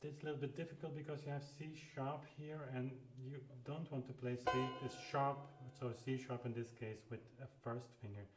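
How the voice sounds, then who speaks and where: A man teaching a live keyboard practice lesson, calmly explaining fingering step by step as he plays. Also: medium pitch, moderate pace, hardly any pauses, loud music behind the voice. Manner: calm, explains fingering step by step while playing. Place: room with a clavichord. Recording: roomy sound with clavichord playing.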